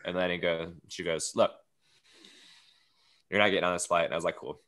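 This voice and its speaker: A man with a low, bright, forceful voice spins a comic anecdote on a podcast. He talks casually and slips into quick impressions of the people he met along the way. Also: fairly even intonation. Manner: storytelling, acts out quoted lines. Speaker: guest comedian.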